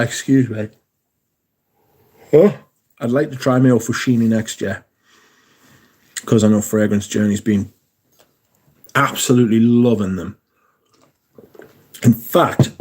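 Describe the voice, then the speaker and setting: A man rambles through a casual live stream, reading comments and swearing as he goes. His voice is warm and mellow, never bright. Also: medium pitch. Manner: chatty, swears casually, reads viewer comments aloud.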